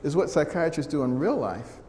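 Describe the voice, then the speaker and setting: A middle-aged American man giving a storytelling talk to an audience, humorous and animated, often acting out the voices of the people he quotes. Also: on the high side, normal speed. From United States. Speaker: speaker giving a testimony talk. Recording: echoey hall sound with faint noise.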